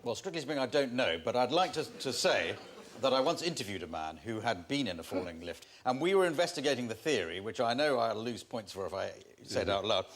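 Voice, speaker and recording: A man's voice: mid-range voice, animated, brisk, fairly bright tone. A man on a quiz panel telling an anecdote in a hesitant, rambling way. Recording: studio audience laughter behind.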